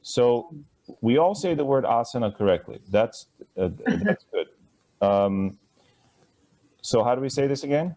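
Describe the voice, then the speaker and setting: Expressive and dark in tone, a man's mid-range voice guides a live class through Sanskrit pronunciation. He chats conversationally, lengthening words slowly so students can hear them, with playful chuckling asides along the way.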